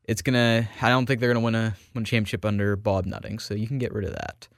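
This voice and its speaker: A lower-voiced man co-hosts a sports talk radio show, talking fast and restarting his sentences as he gives his opinions. The sound is dry and close. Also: flat delivery, no room sound. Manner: quick, restarts, hedging opinions.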